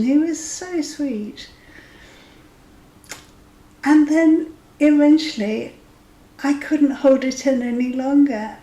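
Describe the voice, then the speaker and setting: Her voice sits high and mellow, moving slowly with frequent pauses as she recounts a dating tale. This fifties-aged vlogger keeps it casual, chatty and amused, slipping into whispers for side comments. The audio quality is poor and the room echoes.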